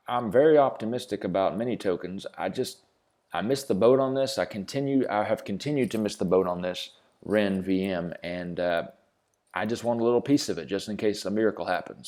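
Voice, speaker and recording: A man's voice: deep voice, fairly quick, darkish tone. A man hosting a casual crypto video, reading a script and then rambling, swearing and joking about himself. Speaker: crypto channel host. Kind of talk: casual screen-share commentary.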